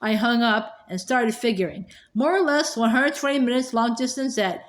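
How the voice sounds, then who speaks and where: A woman's voice: fairly high pitch, moderate pace. A woman reading a first-person book passage aloud, sighing now and then and stumbling over words. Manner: unpolished reading with sighs and small stumbles. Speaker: reader.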